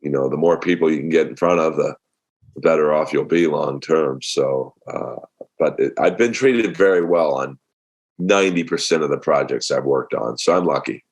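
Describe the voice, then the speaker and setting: A man with a deep voice, a stand-up comedian telling stories as a guest in a casual interview. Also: moderate pace. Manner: relaxed storytelling with many fillers.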